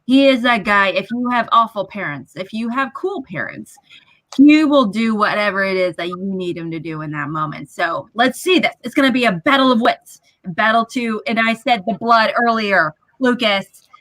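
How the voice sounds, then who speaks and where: A woman moderating a comedic podcast debate and keeping time, with a brisk, wry manner. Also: medium pitch, expressive, a bit bright, dry recording. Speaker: moderator and timekeeper.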